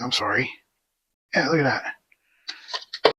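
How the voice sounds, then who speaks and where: A man's voice: medium pitch, slow pace, sharp tone, breathy edge, dry recording. A man hosting a casual do-it-yourself video, talking through his work in a rambling, self-deprecating way in his home garage. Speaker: DIY video host. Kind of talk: casual how-to narration while working.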